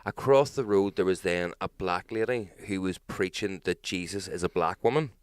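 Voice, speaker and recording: Northern irish guy on a podcast, low smooth voice, dry close sound, swears a lot and does loud impressions. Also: normal speed, dry recording. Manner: animated storyteller, swears freely, mimics people loudly. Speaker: podcast co-host. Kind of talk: casual chat.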